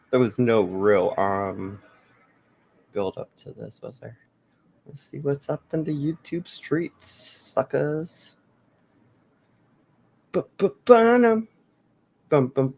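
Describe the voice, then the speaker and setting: A man's voice: mid-range voice, vocal fry, darkish tone, breathy edge. A man hosting a casual livestream, joking around between snatches of sung tunes. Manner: jokey, sings snatches of songs. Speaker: livestream host.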